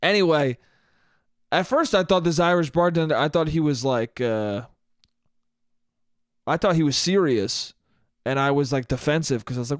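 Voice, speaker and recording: A young man hosting a solo podcast, telling stories in an animated, profane, self-mocking way. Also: a little high, normal speed, clean tone, no echo, clean studio sound. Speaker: podcast host. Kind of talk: solo comedic storytelling.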